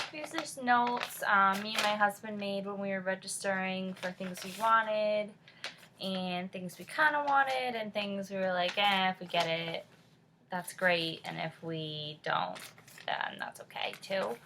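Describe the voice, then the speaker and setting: A woman's voice: medium pitch, fairly bright tone, slight background noise. A woman in her twenties from California, with a Californian accent tinged by New England, chatting casually with lots of fillers. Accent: Californian with a touch of New England. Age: 20s. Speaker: vlogger. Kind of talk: casual chat.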